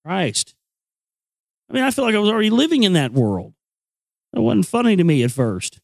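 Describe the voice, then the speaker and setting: A man's voice: high-pitched, big pitch swings, normal speed, creaky, darkish tone, dry recording. A man hosting a show, ranting bluntly and sarcastically about the news with plenty of profanity, then reading aloud from a book. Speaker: show host.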